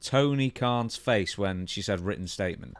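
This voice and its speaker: Low-voiced British man hosting a podcast. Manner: brisk, reads listener questions aloud. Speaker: podcast host.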